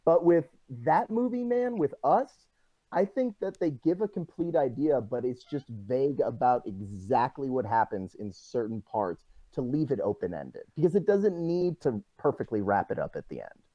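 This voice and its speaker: A man with a lively, moving pitch talks through his points in a casual movie chat, starting hesitantly and then reasoning them out. His mic sounds dry and a little dull. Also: moderate pace, no echo. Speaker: podcast co-host.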